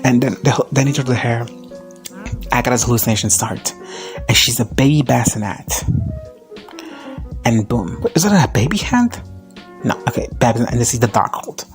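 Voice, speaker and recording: Male recap vlogger, loose and profane, medium voice over soft background music. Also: lively intonation, normal speed, pauses often. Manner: profane, rambling, slips into high-pitched quoted voices. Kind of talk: casual crack recap.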